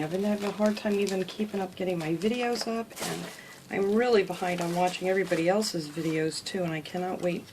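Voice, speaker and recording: Woman host, casual unboxing chat; excitable and gushing with quiet whispered asides, mid-pitched, light background hiss. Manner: gushing, gasps often, drops to soft whispers. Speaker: craft channel host.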